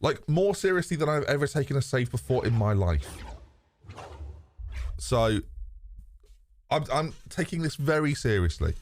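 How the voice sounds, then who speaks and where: A man streaming a game live, chatting to his viewers in a lively, sweary way. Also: medium pitch, moderate pace, long pauses, a little hiss or hum. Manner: animated, talks to chat, swears casually. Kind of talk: live gameplay commentary.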